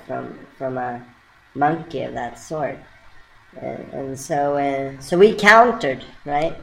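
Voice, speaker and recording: A woman telling a surreal, playful story in a halting, rambling way with many restarts. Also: deep voice, gravelly, slight background noise, low-quality recording. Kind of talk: rambling spoken monologue.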